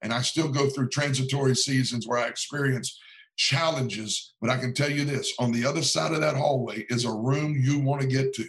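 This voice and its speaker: A man's voice: medium pitch, steady tone, normal speed, a bit bright, rough recording. A man, a pastor and author, talking as a podcast guest in an earnest, sermon-like cadence with frequent repetitions. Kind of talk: preaching-style podcast talk.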